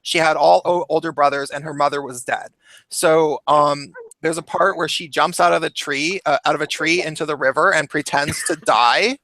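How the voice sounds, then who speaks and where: A young man with a high, bright voice hosts a loose group chat, telling a story with lots of laughter and sudden leaps in pitch as he acts out quotes. The sound is close and dry, with no room echo. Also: steady tone, moderate pace. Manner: swears casually, laughs often. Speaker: host.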